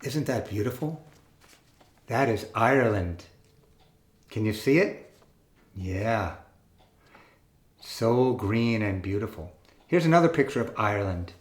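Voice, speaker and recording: A man hosting a children's music show, explaining things to kids in a gentle, enthusiastic way. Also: lowish voice, lively intonation, slow pace, pauses often, echoey room.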